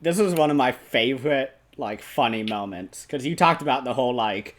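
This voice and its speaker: Male host, casual movie talk, animated, laughs a lot, average pitch. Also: moderate pace. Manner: animated retelling, laughs often, many "like" fillers. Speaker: podcast host. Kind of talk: casual film discussion.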